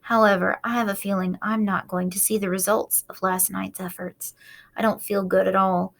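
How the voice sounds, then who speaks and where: A wise old-souled spider speaks softly and calmly in a storybook voice, as a woman reader puts her on. Her tone is gentle and tired, with a faint gravelly texture. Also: medium pitch, normal speed, natural voice. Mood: weary. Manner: soft, calm and tired.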